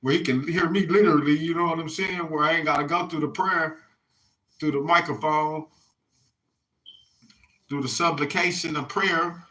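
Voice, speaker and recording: A man vlogs to his viewers in a rambling, casual monologue, swearing freely and looping back with "you hear me". His voice sits a little high and rings bright and sharp. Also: steady tone, moderate pace, pauses often, low-quality recording. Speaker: vlogger.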